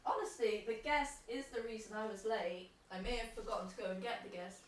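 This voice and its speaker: A woman's voice: mid-range voice, fairly quick, a little hiss or hum. A young woman on a live stream, emotional and teary as she talks to her chat from home.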